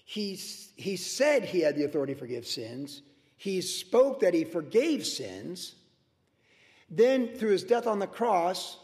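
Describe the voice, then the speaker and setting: A man's voice: high-pitched, darkish tone, big-room sound. A man preaching a verse-by-verse sermon in a conversational way, full of personal stories and restarts. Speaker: pastor.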